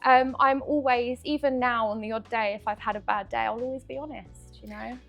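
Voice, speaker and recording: A woman with a fairly high voice and a gravelly edge speaks gently and reflectively about a hard day with her toddler. Faint music plays behind the conversation. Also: fairly even intonation, brisk. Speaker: guest, parent of a young son. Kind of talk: casual panel chat.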